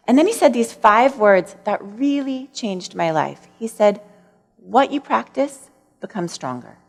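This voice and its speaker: A woman psychologist giving a public talk, telling personal stories in a gentle, candid way with a little self-mocking laughter. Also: mid-range voice, very animated, measured pace. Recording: long reverb of a lecture hall.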